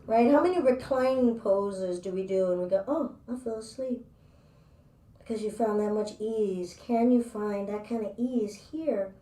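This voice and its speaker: A woman's voice: medium pitch, normal speed, few pauses, mellow. A woman teaching a live yoga class, chatty and playful as she talks through her own movements. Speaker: yoga instructor. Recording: echoey room, distant mic.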